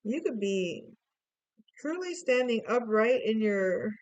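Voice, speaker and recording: A woman's voice: fairly high pitch, expressive, takes it slowly, darkish tone, dry recording, lo-fi sound. A woman giving a casual tarot reading, playful and musing aloud with chatty asides. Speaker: tarot reader.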